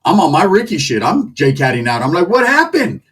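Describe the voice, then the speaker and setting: Animated, husky-voiced male storyteller. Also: a little high, fairly quick, recorded from a distance. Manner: animated, crude, slang-heavy. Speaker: comedic storyteller. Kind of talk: comedic storytelling.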